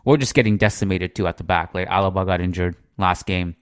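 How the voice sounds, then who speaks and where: A man's voice: sits low, fast, smooth, no echo, clean studio sound. A man hosting a podcast in casual chat, talking in long rambling runs full of "like" and "you know". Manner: talkative, rambling, heavy use of "like" and "you know". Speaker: podcast host.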